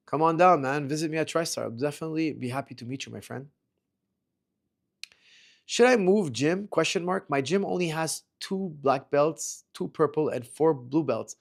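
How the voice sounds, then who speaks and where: Gravelly middle-aged male coach chatting. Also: fairly high pitch. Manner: chatty, repeats and restarts words, reads audience questions aloud. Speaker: martial arts coach. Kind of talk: casual livestream Q&A.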